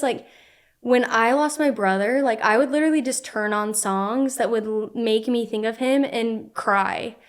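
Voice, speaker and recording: Earnest young woman, fillers everywhere. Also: on the high side. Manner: earnest, heavy use of "like" fillers. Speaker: podcast guest. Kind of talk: casual conversational storytelling.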